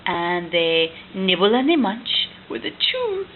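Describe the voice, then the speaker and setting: A woman at home retelling a picture book with a toddler, gentle and coaxing, often dropping to a hush. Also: mid-range voice, big pitch swings, takes it slowly. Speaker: parent reading to a toddler. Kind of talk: bedtime story retelling. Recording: tinny lo-fi home recording, faint hiss.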